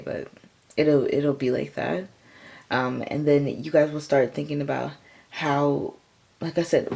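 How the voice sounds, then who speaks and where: Gravelly-voiced woman reading tarot. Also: a bass voice, darkish tone. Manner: rambling, filler-heavy, lots of "like" and "um". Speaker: tarot reader. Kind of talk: casual tarot reading to viewers.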